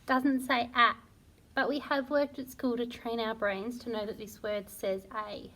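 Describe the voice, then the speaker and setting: A fairly high-voiced woman teacher leads a phonics lesson for young children at a very unhurried pace. She sounds words out piece by piece with a gravelly edge and praises often. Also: flat delivery, bright, forceful tone. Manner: slow, sounding out words syllable by syllable; encouraging and praising. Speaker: primary school teacher.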